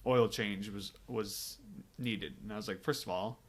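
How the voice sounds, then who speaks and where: A man's voice: on the low side, unhurried. A young man co-hosting a podcast, chatting in a laid-back, offhand way. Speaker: podcast co-host. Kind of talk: casual chat.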